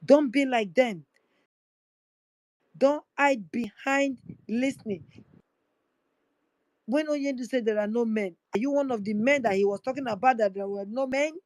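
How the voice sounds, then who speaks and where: Slow, fervent woman. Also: fairly high pitch, darkish tone, no echo, poor audio. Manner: fervent, repetitive exhortations. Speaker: livestream host. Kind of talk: impassioned activist address.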